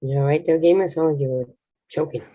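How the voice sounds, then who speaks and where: A woman's voice: low-pitched, fast, mellow, no echo. A woman hosting a casual online panel chat, blunt and teasing, swearing freely. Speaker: panel host.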